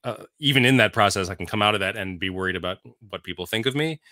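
A middle-aged man, a musician guest in a casual interview, answering thoughtfully and telling jokes with a wry, deliberate timing. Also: fairly low pitch, pushed and bright, dry recording, clean studio sound. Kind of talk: casual conversation.

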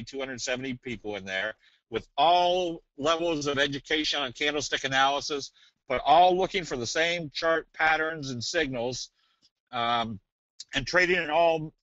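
A man presenting a trading webinar in a casual, folksy way, slipping in jokes and a sales pitch. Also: sharp tone, no echo. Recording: dull, dry webinar audio.

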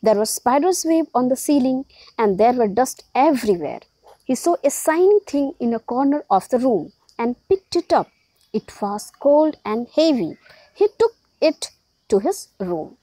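Woman teacher, high voice, mellow tone, dry close sound, explains with questions. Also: big pitch swings, a little slow, no echo, rough recording. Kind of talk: reading a story and explaining it to a class.

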